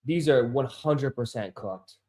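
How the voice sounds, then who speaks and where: A man hosting a casual sneaker livestream who swears, gets easily frustrated and calls his viewers bro and dude, turning loud and insistent when he makes a point. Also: medium pitch, unhurried. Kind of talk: casual live-stream chat. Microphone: desk microphone.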